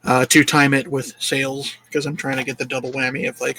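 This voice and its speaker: A man's voice: mid-range voice, flat delivery, brisk, pushed and bright, dry recording. A man who leads a small game studio, chatting casually in an interview, jokey and self-deprecating with frequent laughs. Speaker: lead game developer.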